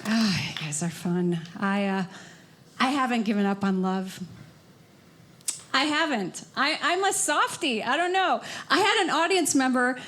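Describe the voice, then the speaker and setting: A woman performing a stand-up comedy set on a club stage, working the crowd with animated, loud outbursts. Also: fairly high pitch, a little slow.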